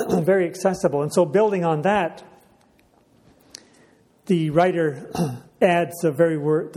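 A man preaching a sermon in a measured way, repeating key phrases for emphasis and often clearing his throat. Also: on the high side, dark tone.

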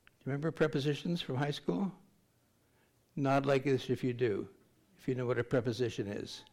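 A man's voice: medium pitch, fairly even intonation, a little fast, gravelly, a little mellow. An older man preaching a sermon to his congregation in a conversational, joking way. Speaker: pastor.

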